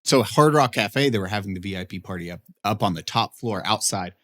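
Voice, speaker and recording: Lively young man telling stories. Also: on the low side, a little fast. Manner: animated storyteller, acts out quotes with big jumps up. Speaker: podcast guest, producer. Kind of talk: casual storytelling chat.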